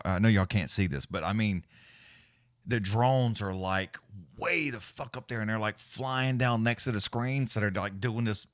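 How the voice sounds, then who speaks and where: Man, middle-aged, livestream fight host: low voice, dry close sound, loose and profane, jumps into quick play-by-play. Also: fairly bright tone, no echo. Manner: rambling, profane, laid-back, with many restarts; fast play-by-play calling during fights. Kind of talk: casual live-stream commentary.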